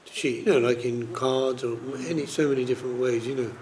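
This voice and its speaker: A man's voice: mid-range voice, steady tone, brisk, darkish tone, a little hiss or hum. A man leading a scripture study group, explaining verses casually with many fillers. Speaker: class leader.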